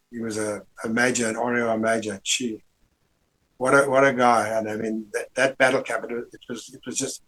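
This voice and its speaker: Husky older army veteran. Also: male voice, mid-range voice, a bit bright, poor audio. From Rhodesia. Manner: rambling with many restarts and salty slang. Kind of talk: casual reminiscing interview.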